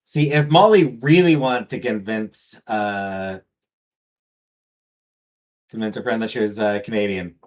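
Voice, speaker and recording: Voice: mid-range voice, measured pace, long pauses. A podcast host in casual chat about a cartoon, rambling with many fillers and restarts.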